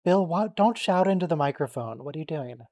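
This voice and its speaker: A man hosting a casual watch-along stream, joking and quickly reacting to what's on screen and teasing his friends. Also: a little high, animated, a little mellow. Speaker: stream host.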